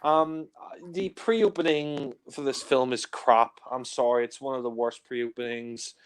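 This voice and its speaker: Chatty young man, smooth voice. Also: medium pitch, fairly even intonation, measured pace. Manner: chatty, many fillers, acts out scenes in silly voices. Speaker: film reviewer. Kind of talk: casual film discussion.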